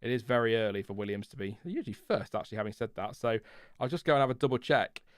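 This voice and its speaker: Chatty man, smooth close voice. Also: mid-range voice, lively intonation, fast talker, no room sound. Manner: chatty, rambling, lots of fillers and restarts, reads chat aloud. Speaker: F1 livestream host. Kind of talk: casual live race reaction chat.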